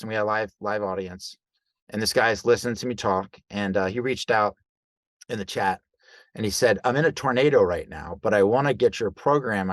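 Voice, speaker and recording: A man, a guest coach, telling stories in a loose, conversational way, acting out quoted dialogue with lively jumps in voice. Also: lowish voice, no room sound. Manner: animated, acts out quoted dialogue; loose, conversational with fillers like right and like. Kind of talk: casual storytelling in an interview.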